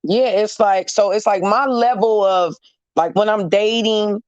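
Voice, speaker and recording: A blunt, candid woman hosts a casual chat with a live audience, talking loosely to viewers and slipping into slang. Her voice is mid-range and darkish, and her pace is measured. The sound is dry and close, with no room sound and a dull, slightly muffled tone.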